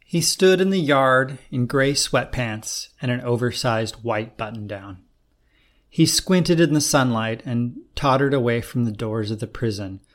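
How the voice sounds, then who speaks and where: A man hosting a short-story show, reading the narration in a calm, measured way. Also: mid-range voice. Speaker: narrator and host.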